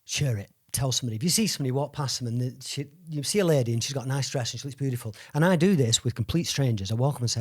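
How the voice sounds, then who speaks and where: Quick-talking male podcast host. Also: mid-range voice. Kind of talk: casual conversation.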